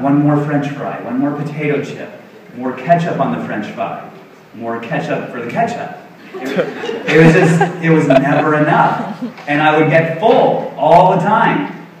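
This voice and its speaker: A man's voice: on the high side, a little hiss or hum. A middle-aged man giving an earnest, self-deprecating motivational talk on stage as a health coach, acting out quotes. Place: large expo hall stage. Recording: very echoey hall, distant mic.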